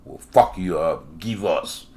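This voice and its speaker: A man putting on a petulant, childish grown man who chants his demands over and over. The voice sits deep and drops quieter and lower. It drags along slowly in a sulky, mocking whine.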